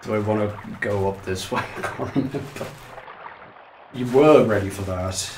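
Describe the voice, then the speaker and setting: A man with a lowish voice talks through a live game stream, winded from playing on a dance pad. He chats and jokes at himself and reads chat aloud. His voice bounces around a roomy home space with faint background hiss. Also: moderate pace. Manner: chatty, self-mocking, swears, reads chat aloud. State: out of breath, legs tired. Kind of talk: live gameplay commentary.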